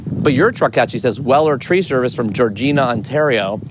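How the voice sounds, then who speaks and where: A man's voice: medium pitch, fairly quick. Chatty curious man talking on a noisy street. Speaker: podcast host. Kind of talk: walking interview chat. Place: outdoors on a city street. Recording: street noise behind outdoor walk.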